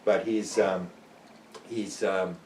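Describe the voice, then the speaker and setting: An older man from Canada, a guest in an interview, telling stories casually and acting out the people in them with lively jumps in his voice. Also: takes it slowly, slight background noise. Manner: animated, acts out quoted people with big pitch jumps. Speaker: interview guest, UFO researcher. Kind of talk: casual storytelling. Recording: roomy, distant mic.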